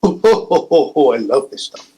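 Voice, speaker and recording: A man's voice: mid-range voice, sing-song, normal speed, dark tone, natural voice, rough recording. A man putting on an impression of a famous older male comedian, jovial and chuckling as he savors his words.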